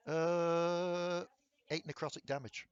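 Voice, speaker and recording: A man's voice: a little high, steady tone, slow pace, clear, resonant tone, no room sound, muffled recording. Man narrating a tabletop game, dry sound. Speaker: dungeon master.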